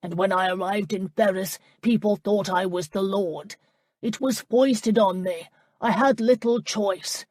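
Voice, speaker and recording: A woman's voice: mid-range voice, measured pace, a little mellow, dry recording, close to an everyday voice. Woman reading a defensive deceitful older man. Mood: justifying. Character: deceitful aging man, former false lord.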